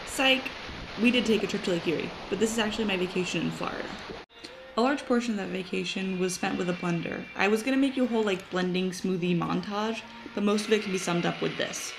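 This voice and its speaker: A woman's voice: medium pitch, fast, creaky, background noise. A young woman, a college student, chatting in a rambling, self-mocking way as she records a casual video letter to a friend from her dorm room. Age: young adult.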